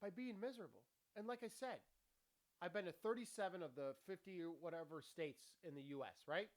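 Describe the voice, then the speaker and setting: A man's voice: sits high, brisk. Rambling, swearing male podcast host. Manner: rambling, profane, laughing often. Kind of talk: motivational monologue. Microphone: camera with ring light.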